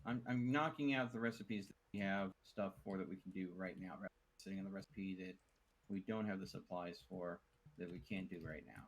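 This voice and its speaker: A man's voice: low voice, a little fast, low-quality recording. A man hosting a multiplayer game session, instructing his teammates on what to build. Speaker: host organizing the team.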